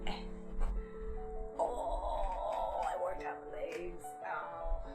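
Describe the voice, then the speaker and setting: A woman's voice: on the low side, steady tone, drawn-out words, loud music behind the voice. A woman chatting casually on a livestream while she works on crafts, rambling and laughing at herself. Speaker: streamer and craft artist.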